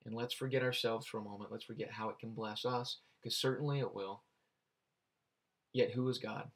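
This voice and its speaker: A man's voice: fairly low pitch, fairly even intonation, normal speed. A man giving a casual, earnest Bible devotional, talking conversationally with many restarts and putting direct questions to the listener. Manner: conversational, full of "you know" and restarts. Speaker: Bible teacher.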